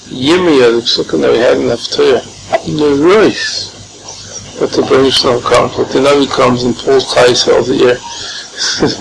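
Gravelly, animated man teaching a Torah class. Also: medium pitch, normal speed. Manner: animated, jokey, mixes Hebrew and Yiddish terms. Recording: noisy room recording.

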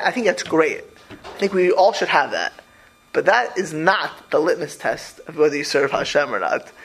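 Guy teaching a small group, lots of restarts and hebrew words, fairly high voice that jumps all over. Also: creaky, a little hiss or hum. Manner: animated and rambling, with many restarts; peppers speech with Hebrew and Yiddish religious terms. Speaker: religious teacher. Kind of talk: informal talk to a small group.

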